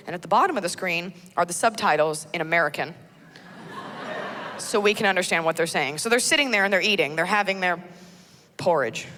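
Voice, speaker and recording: A woman performing stand-up comedy with animated delivery and big swings in tone. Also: fairly low pitch, long reverb tail, background noise.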